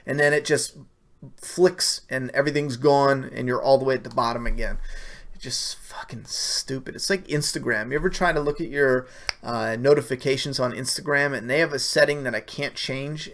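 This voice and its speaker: A man's voice: medium pitch, fairly bright tone. Blunt, profane male livestream host. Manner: blunt, profane and opinionated, with many uh fillers. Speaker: livestream host answering viewer questions. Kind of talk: casual live-stream chat.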